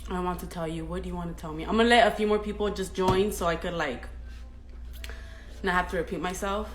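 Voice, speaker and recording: A woman's voice: lowish voice, fast talker. Nervous chatty young woman, roomy echo. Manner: nervous, chatty, reads out viewer comments with laughs. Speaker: fighter hosting a live stream. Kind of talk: casual live-stream chat. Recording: roomy echo, faint music.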